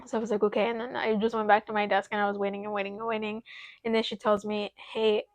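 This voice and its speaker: A young woman co-hosting a podcast, telling a personal story in an animated way and close to tears. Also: mid-range voice, fast talker, dry recording. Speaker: podcast co-host. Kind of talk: casual chat.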